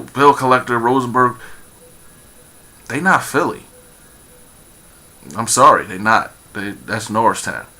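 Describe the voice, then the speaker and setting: A man's voice: mid-range voice, sharp tone. A man giving a rambling casual commentary, full of fillers and repeated phrases, turning emphatic as he goes. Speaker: vlogger.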